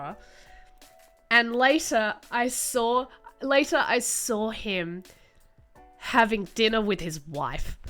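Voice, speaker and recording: Bright, swearing woman storyteller. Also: mid-range voice, clear, resonant tone. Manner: animated, swears freely, acts out reactions. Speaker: streamer. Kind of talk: casual storytelling while drawing.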